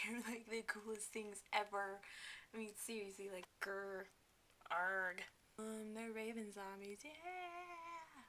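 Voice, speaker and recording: Bright, chatty young woman vlogging. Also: medium pitch, level tone, normal speed, a little hiss or hum. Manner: chatty and enthusiastic, with many fillers and asides. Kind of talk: casual talk to camera.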